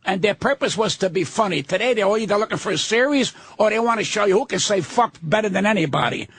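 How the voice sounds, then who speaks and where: A man's voice: high voice, expressive, fast, a bit bright. An older man, a guest comedian on a radio talk show, ranting bluntly and profanely into a studio microphone. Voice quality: gravelly, husky.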